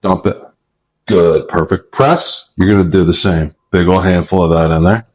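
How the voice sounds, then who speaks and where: A man, a dad, hosting a casual family cooking show in a home kitchen with playful hype-man patter and shout-outs. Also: deep voice, steady tone, moderate pace, poor audio.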